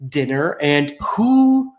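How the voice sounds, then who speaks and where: A man's voice: fairly high pitch, very animated, drawn-out words, dull audio, a little hiss or hum. A man hosting a podcast, prompting his guest in an easygoing, casual chat. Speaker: podcast host.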